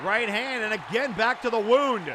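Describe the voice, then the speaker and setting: A man calling a wrestling match play by play, often breaking into excited shouts. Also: high voice, normal speed. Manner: excitable, shouting during big moments. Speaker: wrestling commentator. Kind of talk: play-by-play commentary. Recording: crowd and loud background noise.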